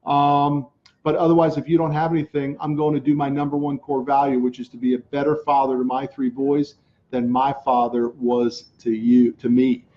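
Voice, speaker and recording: A middle-aged man, a business coach answering viewer questions on a casual live stream, energetic and full of slang like dude and man. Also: medium pitch, moderate pace, muffled recording.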